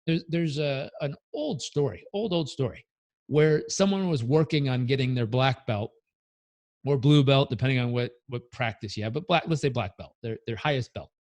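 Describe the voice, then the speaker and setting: A man's voice: mid-range voice, normal speed. A man, a motivational coach, telling a story in an interview and acting out the characters. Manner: animated storyteller, acts out the characters. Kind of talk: conversational storytelling.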